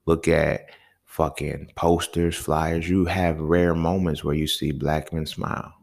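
A young man hosts a casual solo podcast, talking in a heated, profane, conversational way and repeatedly asking "you feel me." His rumbling low voice barely moves in pitch, comes out slow with vocal fry, and has a darkish tone.

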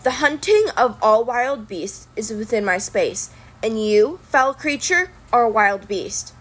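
A woman voicing a stern, commanding young goddess of the hunt in a storybook reading, calm and formal. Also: fairly high pitch, a little slow.

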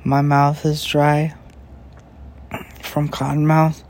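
A young man rambles into a podcast mic late at night, his slightly high voice dragging along at an unhurried crawl. He swears freely, loses his thread in fillers, and breathes heavily after eating. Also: monotone, darkish tone, a little hiss or hum. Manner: slow, crude, meandering talk full of filler and swearing. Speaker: podcast host. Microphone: podcast microphone.

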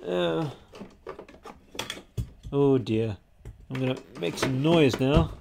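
A man's voice: medium pitch, slow pace, gravelly, very noisy. An Australian man in his thirties hosting a live-stream podcast, chatting casually and reading viewer comments aloud with lots of fillers and restarts. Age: 30s. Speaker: podcast host. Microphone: headset-style home podcast mic.

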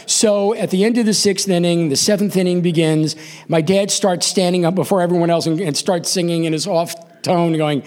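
Older new york guy telling a story live, high voice, does all the voices. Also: moderate pace. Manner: animated, acts out quoted voices. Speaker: storytelling show host.

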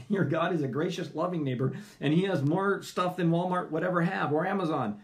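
A man pastor preaching a sermon, animated and acting out the people in his story with loud pleading cries and quiet muttered asides. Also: a little high, fairly quick, hardly any pauses.

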